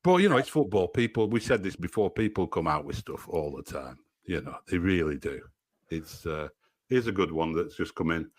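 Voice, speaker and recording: A man's voice: low voice, lively intonation, normal speed, dry recording, studio quality. A man co-hosting a casual football podcast, wry and reading out listener comments. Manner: wry, reads out listener messages.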